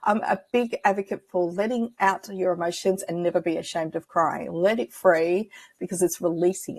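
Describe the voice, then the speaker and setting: A woman's voice: lowish voice, darkish tone, breathy edge, no room sound. A woman guest on an interview show, a spiritual medium telling personal stories in a chatty, reflective way and acting out the dialogue she remembers. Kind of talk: casual interview storytelling.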